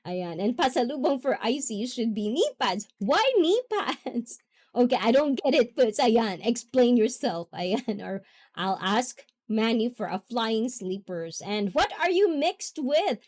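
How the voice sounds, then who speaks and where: A woman's voice: fairly high pitch, lively intonation, a little slow, darkish tone. A woman hosting a casual livestream, chatting with viewers, reading their comments aloud and often giggling. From half Japanese, half Filipina. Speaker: livestream host.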